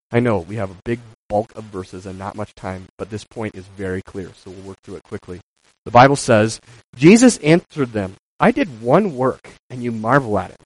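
A man preaching a sermon, moving between loud emphatic passages and quiet asides, acting out quoted voices. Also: dry recording, rough recording. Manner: acts out quoted voices with rising pitch.

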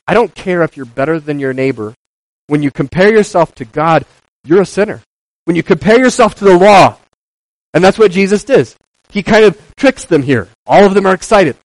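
A man's voice: no echo, poor audio. Emphatic man preaching a sermon. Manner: swings from loud emphatic preaching to quiet asides; acts out quoted voices with rising pitch.

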